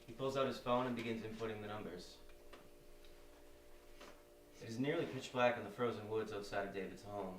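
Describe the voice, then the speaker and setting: Low-voiced man reading stage directions. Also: brisk, pauses often. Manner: steady, descriptive reading. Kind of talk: live script reading. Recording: roomy stage sound from far off, faint noise.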